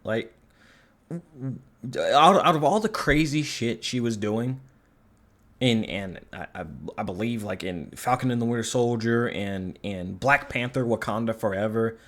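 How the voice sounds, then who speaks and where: A man giving a casual spoken film review, rambling and sarcastic, swearing casually. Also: mid-range voice. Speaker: movie reviewer.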